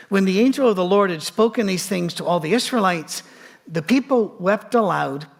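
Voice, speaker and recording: A man preaching a sermon in a conversational way, with joking asides and a gravelly voice. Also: high voice, animated, moderate pace. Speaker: pastor.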